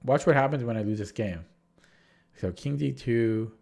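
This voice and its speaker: A man's voice: medium pitch, moderate pace, creaky, a little mellow, a little hiss or hum. A man with a sore throat, casually recapping his chess games on a livestream, rambling and restarting sentences as he retells what happened. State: sore throat, feeling sick.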